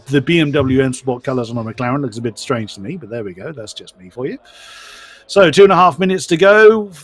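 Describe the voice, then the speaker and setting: A man's voice: medium pitch, fairly bright tone, dry recording. A man giving live commentary on a sim race. He is chatty and self-deprecating and stumbles over driver names.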